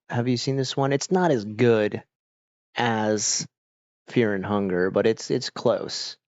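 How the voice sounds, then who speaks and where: A man's voice: mid-range voice, a little mellow, no room sound, lo-fi sound. A man chatting casually with his stream viewers, rambling with lots of fillers while fighting off hiccups. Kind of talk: casual chat.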